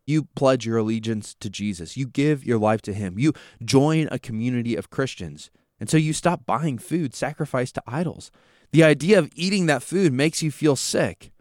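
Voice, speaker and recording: A man's voice: mid-range voice, darkish tone, no room sound, clean studio sound. A man hosting a Bible teaching podcast, explaining scripture through vivid, conversational storytelling. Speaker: podcast host.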